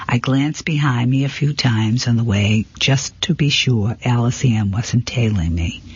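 A man with a husky, mid-pitched voice reads a mystery novel aloud in the first person. His delivery is steady and plain, with the odd slip. The recording sounds dull and lo-fi. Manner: plain, steady storytelling with small slips. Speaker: narrator.

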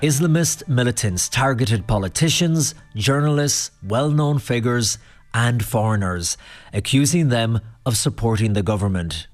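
A man's voice: mid-range voice, lively intonation, a little slow. Man narrating a radio documentary. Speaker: reporter.

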